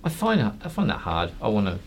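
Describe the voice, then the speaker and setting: A man in his thirties hosting a casual film chat, animated, laughing often and swearing freely. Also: lowish voice, quick pace, creaky, a little hiss or hum. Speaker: podcast host.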